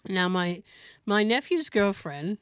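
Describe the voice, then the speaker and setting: A woman co-hosting a podcast, telling a story in a casual, animated way and laughing often. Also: medium pitch, takes it slowly. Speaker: podcast co-host.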